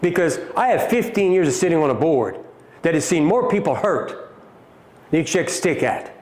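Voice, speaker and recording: A middle-aged man with a Southern American drawl hosts a livestream, firing back at viewer comments with emphatic, repeated points and calling his audience folks. His voice sits a little high for a man. The room around him rings with echo. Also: big pitch swings, a little fast, darkish tone. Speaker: company CEO hosting a livestream. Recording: echoey room.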